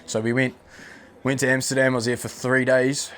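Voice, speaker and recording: A man's voice: medium pitch, little pitch movement, fairly quick, a bit bright. A young man in his twenties with a New Zealand accent, a podcast guest telling stories in laid-back, swear-heavy slang. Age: 20s. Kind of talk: casual storytelling chat.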